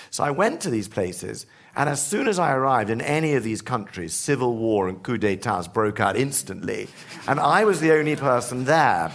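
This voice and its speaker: A man, an author and historian, telling lively stories in conversation, full of asides and restarts. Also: medium pitch, moderate pace, vocal fry. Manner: animated anecdotes with many restarts and asides. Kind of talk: storytelling in conversation.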